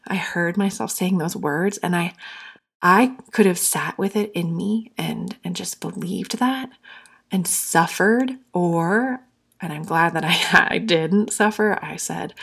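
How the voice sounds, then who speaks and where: A young woman talks earnestly on her podcast, her low voice full of gravelly fry. She speaks openly and warmly to the listener and is at times close to tears. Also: slow. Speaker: podcast host. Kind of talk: heartfelt solo podcast talk.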